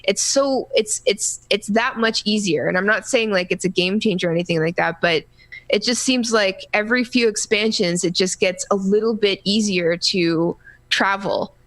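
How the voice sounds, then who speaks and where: A woman co-hosting a casual gaming podcast, talking in a rambling, halting way full of restarts and fillers. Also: mid-range voice, fairly bright tone. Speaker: podcast co-host.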